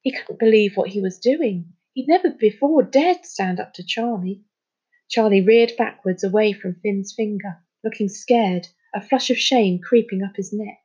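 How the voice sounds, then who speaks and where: A woman reading a children's storybook aloud in a steady, even-paced narration. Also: mid-range voice, moderate pace, breathy edge, highs cut off. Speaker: storybook reader. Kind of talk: scripted narration.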